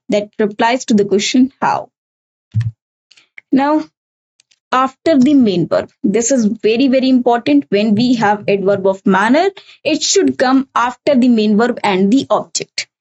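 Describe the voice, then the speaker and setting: Indian english lady teaching grammar, bit high voice, says okay a lot, repeats stuff. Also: unhurried, darkish tone, rough recording. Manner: explanatory, repeats key points, frequent "okay" and "uh". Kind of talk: recorded exam-prep lesson.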